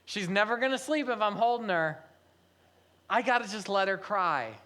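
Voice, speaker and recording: Man preaching with a relaxed, storytelling manner. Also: sits high, moderate pace. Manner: conversational storytelling with light humor. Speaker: pastor. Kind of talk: sermon.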